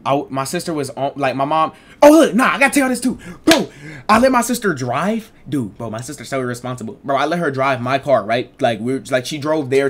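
A young adult man streamer telling a casual storytime, animated, slangy and profane. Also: mid-range voice.

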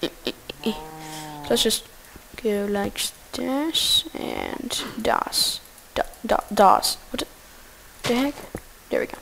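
Woman doing casual game commentary, kinda high voice with a gravelly fry, goofy and excitable. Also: very slow, a little hiss or hum. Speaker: gameplay commentator.

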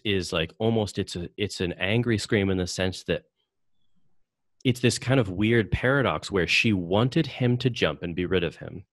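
A very low-pitched man hosting a casual podcast conversation. He talks hesitantly, leaning on fillers and restarting his sentences. The sound is close and dry, with no room behind him. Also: no room sound. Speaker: podcast host.

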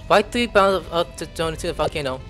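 A young man playing a video game, reading its text aloud and reacting with excited outbursts. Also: on the high side, quick pace, faint music behind. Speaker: gameplay streamer. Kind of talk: casual game commentary.

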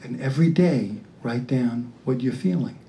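A comedian putting on a hushed, hesitant male therapist who mumbles low and half-whispers with many pauses. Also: lively intonation, distant mic, a little hiss or hum, lightly acted. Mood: soothing. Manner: slow, hesitant, lots of uh. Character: sleepy hushed male therapist in a dark room.

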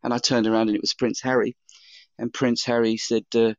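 A chef telling long anecdotes in a casual interview, with many fillers and restarts. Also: male voice, mid-range voice, little pitch movement, a little fast, dry recording, highs cut off. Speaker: chef guest.

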